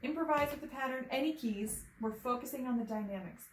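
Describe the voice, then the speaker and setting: A woman's voice: sits high, fairly quick. A woman teaching an online piano lesson, patiently explaining and chanting rhythm patterns and solfege. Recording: echoey room with faint ambient noise.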